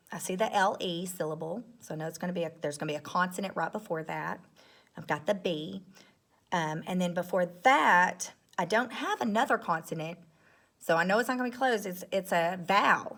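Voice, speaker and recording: A woman teacher walking young students through a phonics lesson step by step, patient and clear, often checking in with "okay?". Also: fairly low pitch, fairly bright tone. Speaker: third grade teacher. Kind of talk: recorded classroom phonics lesson.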